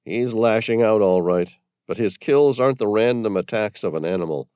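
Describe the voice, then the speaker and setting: A man's voice: lowish voice, normal speed, a little mellow, smooth, dry recording, studio quality, voice pushed up, natural voice. A man voicing a tense scientist who speaks with urgent, grim conviction.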